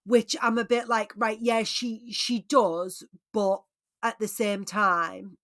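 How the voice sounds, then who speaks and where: Brief: woman podcaster, lively casual recap, big swings in volume. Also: mid-range voice, slow, dry recording, clean studio sound. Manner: animated, swings between loud exclaims and quiet asides. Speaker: podcast co-host.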